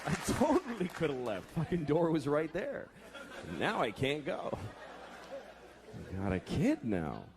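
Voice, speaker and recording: Animated profane stand-up comic man. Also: a little high, a little slow, pauses often, a crowd in the background. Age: 30s. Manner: profane, exasperated, acts out quoted voices. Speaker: stand-up comedian. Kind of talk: stand-up comedy routine. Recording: noisy live club recording.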